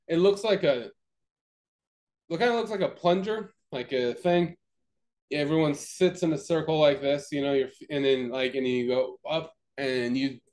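Rambling, swearing young man on a podcast. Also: on the high side. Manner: rambling, profane, lots of fillers and restarts. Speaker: podcast co-host. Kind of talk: casual chat.

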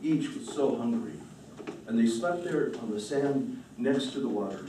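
A man storyteller telling a myth to a live audience, relaxed and unhurried, echoing his own phrases. His voice is mellow and dark, heard from afar with a roomy echo and faint noise. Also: mid-range voice. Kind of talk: storytelling performance. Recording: roomy distant hall mic.

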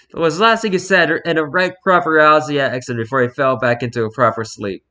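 A man casually reading social media posts aloud, dropping into quiet muttered asides between them. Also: on the high side, steady tone, fast talker, few pauses.

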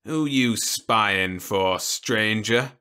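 A man voicing a gruff, hostile frontier man with a deep, grating rasp and a slow, menacing drawl. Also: pushed and bright, exaggerated voice. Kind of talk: audiobook character voice.

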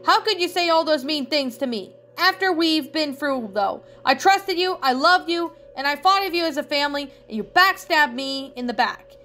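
A woman's voice: high-pitched, moderate pace, a bit bright, a little hiss or hum, voice pushed up. A woman voicing an upset young male puppy in a fan fiction reading, with a raised, emotional delivery. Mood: angry.

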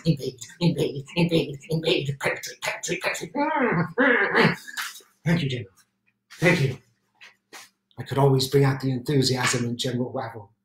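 An actor in a one-man show playing an intense, excitable British WWII general, performing a theatrical solo stage monologue and repeating phrases for emphasis. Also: medium pitch, brisk, pauses often, natural voice. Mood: zealous. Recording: roomy sound from a distant mic.

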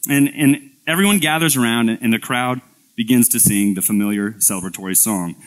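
With a mid-range voice and a slightly fast pace, this male pastor preaches in a church sanctuary. He tells a playful story in a conversational way, frequently restarting and repeating words.

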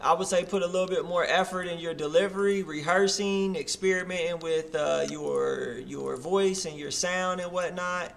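A high-pitched man hosts a live music review stream. He talks in loose, slangy bursts, shouting out viewers and giving blunt feedback on each track. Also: normal speed, vocal fry, hardly any pauses. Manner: casual slangy hype talk. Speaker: host of a music review show.

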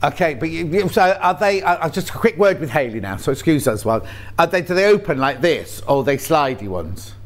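Chatty uk guy selling fabric on tv, fairly high voice, rambles and jokes around. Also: very animated, brisk. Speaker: shopping channel presenter. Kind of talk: casual chat. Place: TV studio.

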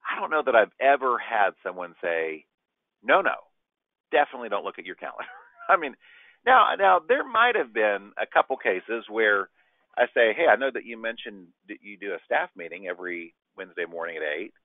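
This man's fairly low voice moves at normal speed, with no room sound, through a dry and tinny phone-like connection. Teaching sales, he animatedly role-plays brief client conversations as part of his training talk.

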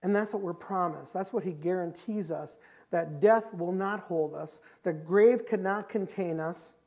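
A middle-aged man preaching a sermon in a church. He talks emphatically, repeats his key phrases, and moves between loud and quiet passages. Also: sits high, unhurried. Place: church sanctuary.

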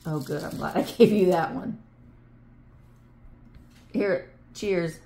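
A woman hosting a casual vlog speaks slowly in a mellow, gravelly voice on the low side. Recorded in an echoey room with some background noise, she chats playfully and muses aloud as she goes.

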